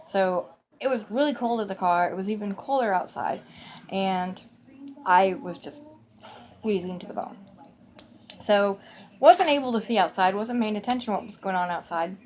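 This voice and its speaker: A woman's voice: medium pitch, moderate pace, pauses often, darkish tone, a little hiss or hum. A middle-aged woman telling a childhood story in a meandering, conversational way, full of asides and fillers. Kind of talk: personal storytelling.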